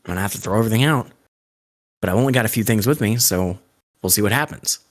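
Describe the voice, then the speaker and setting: A man's voice: lowish voice, fast, no room sound, natural voice. A man voicing a clueless, offhand guy who swears casually, in a voice close to his own.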